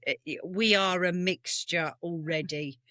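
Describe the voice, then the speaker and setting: A woman's voice: lowish voice, measured pace, sharp tone, no echo. A British woman co-hosting a podcast, telling history tales in a meandering, self-correcting way over a video call. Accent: British English. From England. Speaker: podcast co-host. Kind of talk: casual storytelling chat. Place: home room on a video call. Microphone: webcam mic.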